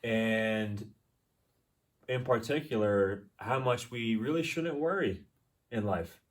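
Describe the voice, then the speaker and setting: A man's voice: fairly low pitch, slow pace, recorded from a distance. A young man co-hosting a podcast in an easygoing way, agreeing a lot as he chats. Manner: easygoing, lots of agreeing fillers. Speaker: podcast co-host. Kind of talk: casual chat.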